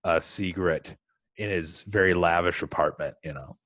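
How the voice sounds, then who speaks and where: A man's voice: deep voice, normal speed, fairly bright tone, no room sound. A man co-hosting a film podcast in casual chat, talking hesitantly with plenty of ums and likes. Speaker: podcast co-host.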